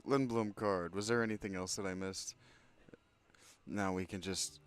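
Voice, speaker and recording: A man casually commenting while playing a video game, soft-spoken and reflective. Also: low voice, fairly even intonation, measured pace, clear, resonant tone, soft background music. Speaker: game streamer. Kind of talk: casual let's-play commentary.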